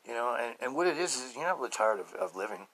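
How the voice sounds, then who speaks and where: Fast-talking man sharing his struggle. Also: sing-song, slightly rough, low-quality recording. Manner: emphatic, swings between loud outbursts and low murmurs. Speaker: podcast host. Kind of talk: personal testimony monologue.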